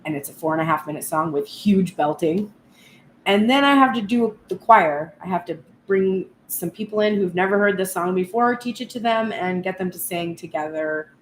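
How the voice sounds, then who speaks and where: A woman's voice: on the low side, normal speed. A woman tarot reader speaking reflectively and earnestly at length in a spoken tarot reading vlog. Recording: echoey room with faint background noise.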